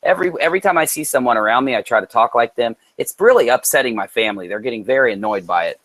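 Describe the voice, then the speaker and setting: A man's voice: mid-range voice, racing, no room sound. A man co-hosting a live stream, chatting casually in a playful, joking way. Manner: joking, playful, animated storytelling. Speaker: co-host.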